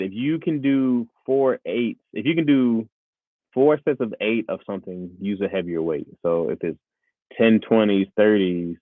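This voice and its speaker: A man in his thirties chatting casually with viewers on a live stream. He is animated and laughs often. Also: no echo. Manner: animated, laughs often, jumps into high voices. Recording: tinny phone-like, dry.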